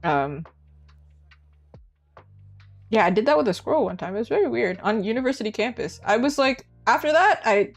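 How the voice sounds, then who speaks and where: There's faint music behind this young Canadian woman as she chats at normal speed on her art stream, with long pauses. She's giggly and chatty, her pitch swinging in a lively way.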